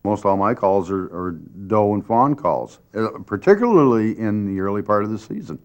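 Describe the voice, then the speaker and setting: A man demonstrating a hunting call and explaining it, halting and stumbling over his words. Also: lowish voice, expressive. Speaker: call maker expert.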